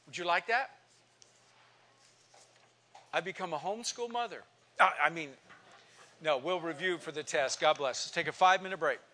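A man in his sixties teaching a Bible class in sermon style, reading scripture with passion and swinging from soft to loud. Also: on the high side, moderate pace, pauses often. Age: 60s.

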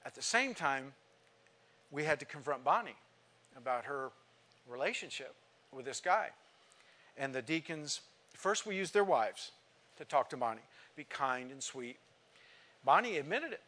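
Older man, pastor, earnest sermon storytelling, quoted dialogue, slightly high voice. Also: big pitch swings, moderate pace, pauses often, pushed and bright.

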